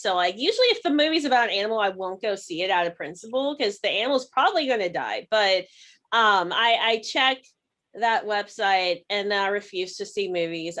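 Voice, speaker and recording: A woman's voice: mid-range voice, a bit bright. A young woman co-hosting a podcast, chatting candidly and rambling, often laughing. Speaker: podcast co-host. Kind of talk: casual chat.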